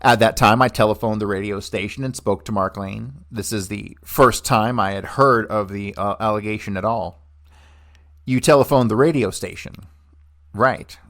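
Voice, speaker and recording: A man with a fairly low voice reads old hearing testimony aloud for a podcast. He speaks the questions and the answers in the same even reading voice and does not act out either side. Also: normal speed. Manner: steady reading voice that plays both questioner and witness without changing voice. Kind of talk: solo reading of a transcript aloud.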